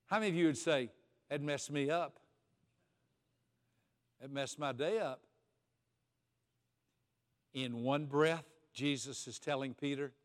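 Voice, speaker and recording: A man preaching from the pulpit with a fairly high voice. He tells the story with energy and slips into voices for the people in it. The sound carries a long reverb, like a large sanctuary. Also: moderate pace. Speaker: pastor. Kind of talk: sermon.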